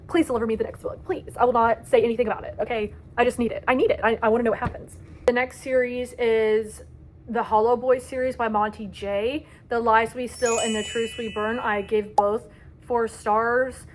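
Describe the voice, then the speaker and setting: A woman's voice: fairly high pitch, fairly even intonation, fairly quick, slight background noise. A young woman giving a casual book review vlog, dramatic and gushing about the stories she loves. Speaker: book vlogger.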